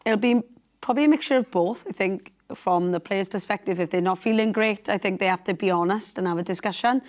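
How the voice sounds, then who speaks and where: Relaxed woman football pundit. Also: medium pitch, a little fast. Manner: relaxed, filler-heavy, thinking aloud. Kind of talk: casual chat.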